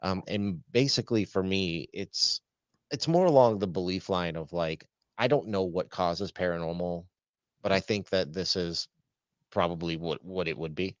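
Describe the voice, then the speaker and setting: A man's voice: low-pitched, moderate pace, no room sound, dull audio. A man hosting a casual podcast, rambling a bit with fillers and restarts. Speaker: podcast host.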